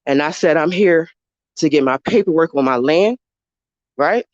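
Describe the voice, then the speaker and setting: A woman's voice: low-pitched, moderate pace, no room sound, muffled recording. A woman talking live to her viewers through a phone, heated, profane and repetitive. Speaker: livestreamer. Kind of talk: live-streamed rant to viewers.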